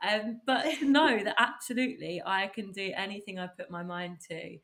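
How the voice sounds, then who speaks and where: A woman hosting a podcast in casual chat, bubbly and enthusiastic and quick to laugh. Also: mid-range voice, fairly bright tone. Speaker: podcast host.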